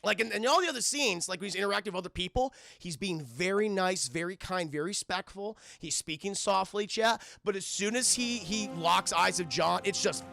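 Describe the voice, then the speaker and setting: A man reviewing a film on a livestream, excitable and profane, constantly talking to his chat. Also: high-pitched, a little fast, creaky, hardly any pauses, no room sound, soft background music.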